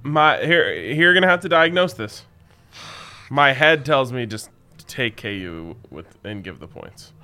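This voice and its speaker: A man's voice: medium pitch, sing-song, a little slow, pushed and bright, clear, resonant tone. A man co-hosting a casual sports-betting podcast, talking in wry, joking banter. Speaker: podcast co-host. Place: studio in Colorado.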